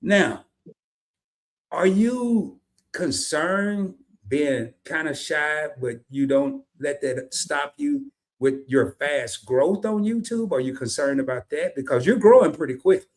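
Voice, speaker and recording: Animated high-voiced male host. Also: takes it slowly. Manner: animated storyteller, folksy and joking. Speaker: podcast host. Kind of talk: casual interview chat.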